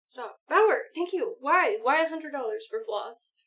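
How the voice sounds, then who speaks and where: A young woman co-hosting a live stream, chatting loudly and excitedly, swearing and laughing a lot. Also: sits high, measured pace. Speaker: livestream co-host. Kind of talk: casual stream chat.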